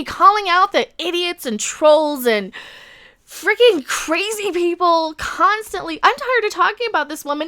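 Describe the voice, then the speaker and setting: A young woman YouTube commentator ranting sarcastically to camera, loud and full of swearing and laughter. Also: extremely high pitch, lively intonation, normal speed.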